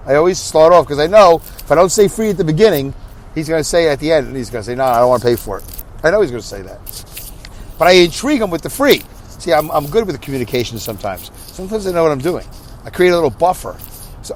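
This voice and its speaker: Hosting his podcast, a weary middle-aged man spins a rambling, self-interrupting story and animatedly voices both people in the conversation. His voice is a little high and his pace quick, with slight hiss or hum in the background.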